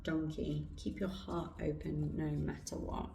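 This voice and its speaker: A woman giving an intuitive card reading in a slow, soft, reflective way with pauses, her throat going hoarse, recorded indoors. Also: deep voice, level tone, a little hiss or hum. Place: indoor room with incense burning. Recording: roomy, distant mic.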